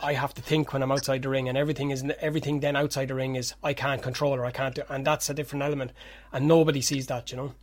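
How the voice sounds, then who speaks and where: A man's voice: medium pitch, flat delivery, rapid-fire. A man with an Irish accent hosting a casual podcast interview, asking long, rambling questions full of restarts. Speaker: podcast host.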